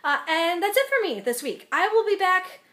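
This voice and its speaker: A woman's voice: very high voice, lively intonation, moderate pace, sharp tone. A young woman vlogging casually, telling a self-deprecating story and acting out the quotes in it.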